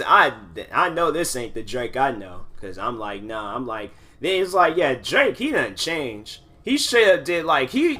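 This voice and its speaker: A young man hosts his own podcast, talking in a loose, rambling monologue packed with fillers and restarts. His voice sits a little high and sounds bright and forward. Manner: rambling, filler-heavy talk with many restarts. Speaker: podcast host. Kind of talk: casual monologue.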